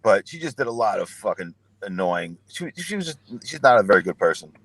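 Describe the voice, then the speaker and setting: A young man tells rambling anecdotes full of swearing and acts out the lines of the people in them. His voice sits fairly low, and the sound is dry and close, with no room echo. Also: sing-song, brisk, a bit bright. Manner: profane, rambling anecdotes with acted-out quotes. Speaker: podcast guest. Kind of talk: casual storytelling.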